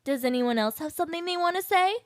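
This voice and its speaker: A man voicing a calm, menacing young woman who teases in a cool, controlled way. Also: very high-pitched, fast, a little hiss or hum, pitched above the performer's own voice. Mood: teasing menace.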